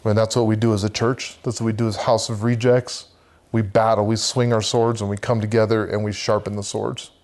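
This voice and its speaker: A man's voice: lowish voice, flat delivery, brisk, darkish tone. A man, guest on a podcast, earnestly telling a vivid personal faith story and talking about leading a men's church group.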